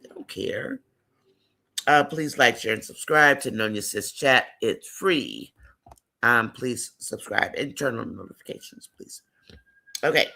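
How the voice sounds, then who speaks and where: Man hosting a live chat, gravelly voice, reads comments, greets viewers by name. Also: mid-range voice, pushed and bright. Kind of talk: casual live-stream commentary.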